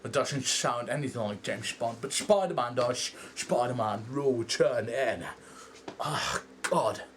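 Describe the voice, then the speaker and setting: A young man with a Dutch accent, rambling through a casual, animated movie review and swearing freely. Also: medium pitch, a little slow, slight background noise. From Netherlands. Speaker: vlogger.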